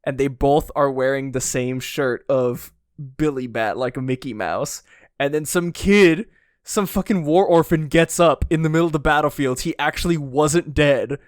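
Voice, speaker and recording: A man's voice: a little high, normal speed, smooth, dry recording. Young man telling stories in a dry room. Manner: animated storytelling, lots of "like", bursts of disbelief. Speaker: podcast co-host. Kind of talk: casual chat. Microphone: podcast microphone.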